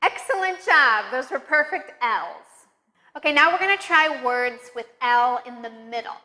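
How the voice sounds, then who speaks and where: A woman teaching English pronunciation, leading slow, careful drills with encouraging praise. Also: high voice, bright, forceful tone. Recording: long reverb, room echo.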